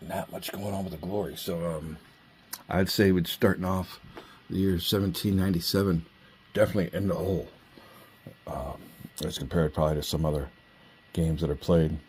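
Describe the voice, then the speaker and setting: A man's voice: sits low, fairly even intonation, normal speed, long pauses, slight background noise. A man hosting a solo board game, reading card text aloud and musing over each draw with easy fillers. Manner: hushed and quiet at first. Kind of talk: casual gameplay commentary.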